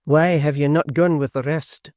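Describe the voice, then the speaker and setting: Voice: mid-range voice, fairly even intonation, moderate pace, darkish tone, dry recording, studio quality, close to an everyday voice. An audiobook narrator voicing a zealous nobleman who speaks grandly and with self-satisfaction. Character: zealous lordly political leader.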